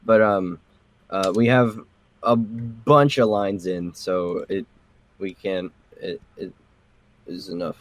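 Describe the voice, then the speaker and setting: A man's voice: low voice, fairly even intonation, slow, long pauses, no echo. A man co-hosting a casual podcast chat, joking and swearing freely and often trailing off mid-sentence. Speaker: podcast co-host and voice actor.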